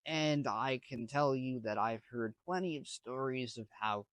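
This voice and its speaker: A man's voice: mid-range voice, measured pace, fairly bright tone, no room sound. A man casually telling a story to camera, rambling with slang and many restarts. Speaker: vlogger.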